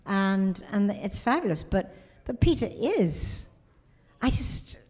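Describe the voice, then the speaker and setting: A middle-aged woman, guest of honor at a convention panel, telling lively stories and acting out quotes. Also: mid-range voice, slow. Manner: animated storyteller who acts out quotes.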